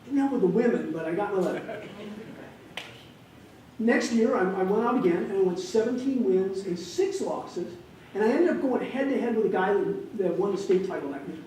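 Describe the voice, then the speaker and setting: A man in his fifties from Wisconsin gives a keynote speech as an animated storyteller with comic timing. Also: high-pitched, normal speed. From Wisconsin, USA. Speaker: keynote speaker. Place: large hall, on stage. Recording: echoey hall, distant mic, faint noise.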